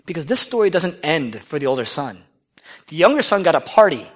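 A man's voice: a little high, very animated, a little fast. A man preaching a sermon, retelling a parable with dramatic storytelling and acting out the characters' lines. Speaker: pastor.

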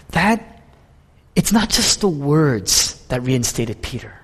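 A man preaching a sermon, swinging between loud, emphatic peaks and hushed near-whispers. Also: medium pitch, big pitch swings, slow pace, pauses often, husky. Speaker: pastor. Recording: long hall reverb.

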